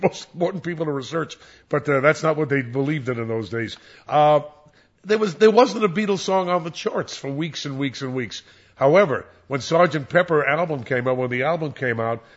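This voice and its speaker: An older man, a former radio disc jockey, reminiscing in an interview in a rambling, animated way with many restarts. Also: on the high side. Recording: dull lo-fi recording.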